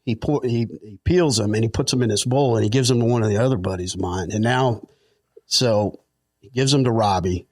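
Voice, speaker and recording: A man's voice: mid-range voice, fairly quick, darkish tone, no room sound. A middle-aged man, a podcast guest, telling stories in a rambling, chuckling way with lots of fillers. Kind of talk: casual storytelling.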